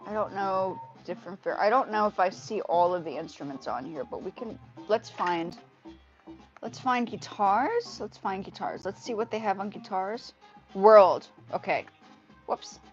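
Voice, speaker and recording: A chatty woman hosts a casual livestream, talking straight to her viewers and often restarting her sentences as she works. Her voice sits at a middle pitch and comes through slightly dull and lo-fi. Soft music plays quietly underneath her. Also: slightly rough. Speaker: livestream host composing music. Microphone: headphone mic. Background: faint music playing.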